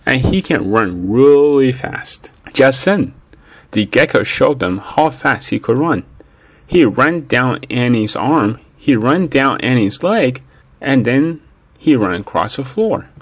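A man narrating a children's story in an expressive read-aloud manner. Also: medium pitch, slow, dry recording.

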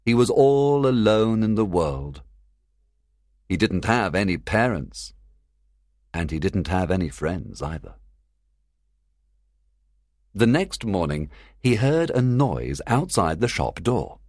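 A man reads a simplified classic novel for learners in a very deep voice. He speaks slowly and clearly but with lively rises and falls in pitch. The recording is close and dry. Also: no room sound. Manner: clear, deliberate storytelling. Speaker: narrator. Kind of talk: graded reader audiobook narration.

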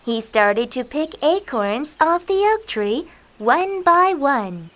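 A woman narrating a children's storybook with a slow, clear, expressive delivery. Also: high voice.

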